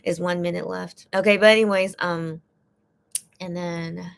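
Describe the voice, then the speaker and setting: A young woman fan chats casually on her own livestream, rambling and hesitant as she retells and translates what was said, repeating words often. Her lowish voice is smooth, with vocal fry, a steady tone and a measured pace.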